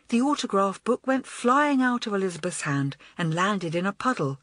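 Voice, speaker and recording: A woman narrates a children's storybook with lively, rising and falling delivery. She reads expressively at a middle pitch. The recording is close and dry. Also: normal speed, no room sound. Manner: expressive, animated. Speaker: audiobook narrator.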